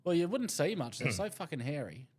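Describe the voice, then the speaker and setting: High-voiced man reading crude jokes. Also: big pitch swings, a little fast, darkish tone, breathy edge. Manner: reads jokes aloud, swears, laughs at his own punchlines. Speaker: podcast co-host. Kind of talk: crude comedy podcast banter.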